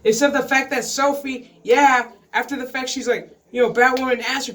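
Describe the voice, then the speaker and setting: A man's voice: extremely high pitch, a little fast, few pauses, fairly bright tone. A man vlogging a casual, profane review of a TV episode, exasperated and swearing freely.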